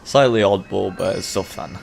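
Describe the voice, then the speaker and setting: A young man with a lowish, gravelly voice talks through his gameplay in a chatty, self-mocking way. Faint game music sits under his commentary. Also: moderate pace. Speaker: gaming channel host. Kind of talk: let's-play commentary.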